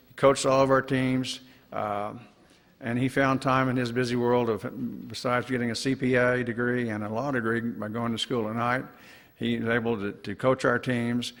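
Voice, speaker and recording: A man from Oklahoma City giving a halting, heartfelt tribute speech about his father at an induction ceremony. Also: mid-range voice, fairly bright tone. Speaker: son giving a family tribute. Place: ceremony hall. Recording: long reverb of a hall.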